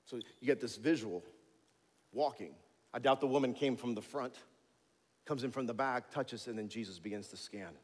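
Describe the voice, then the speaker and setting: Animated, jokey male preacher. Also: mid-range voice, normal speed, big-room sound. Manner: conversational, animated, jokey storytelling. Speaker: pastor. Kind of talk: sermon. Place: church sanctuary.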